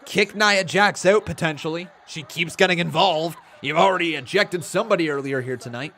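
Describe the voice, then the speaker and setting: A man hosting a live watch-along stream, giving excitable play-by-play reactions and shouting at big moves. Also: on the high side, a little fast.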